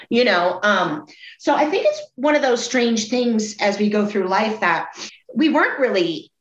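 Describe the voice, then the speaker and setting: A woman's voice: mid-range voice, animated, normal speed. A middle-aged woman talking candidly in a casual group chat, blunt and swearing freely. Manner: blunt, swears freely, acts out quoted people. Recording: roomy, dull lo-fi sound.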